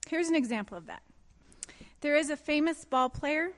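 A pastor's wife telling a funny story in a sermon, laughing often as she speaks. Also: sits high. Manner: lively and expressive, quick to giggle. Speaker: pastor's wife giving a talk.

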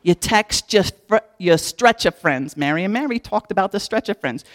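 A woman's voice: mid-range voice, lively intonation, normal speed. A woman teaching a casual devotional with a bouncy, sing-song delivery. She is folksy and joking and speaks right to her listeners. Her voice sits in an everyday middle register. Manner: folksy and humorous, talks straight to listeners.

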